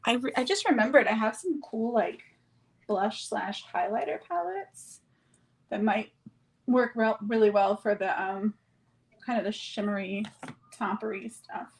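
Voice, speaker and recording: A woman's voice: on the high side, unhurried, vocal fry, slightly rough. Chatty rambling woman doing makeup. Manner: rambling, chatty, swears casually. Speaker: streamer doing makeup on a group call. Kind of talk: casual chat.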